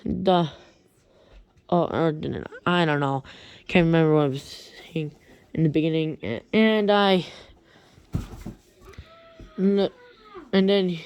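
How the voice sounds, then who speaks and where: Woman storyteller, slow and halting, stumbles through a retold creepy tale. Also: low-pitched, darkish tone, clean tone. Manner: hesitant, halting, many restarts. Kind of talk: rambling horror story retelling.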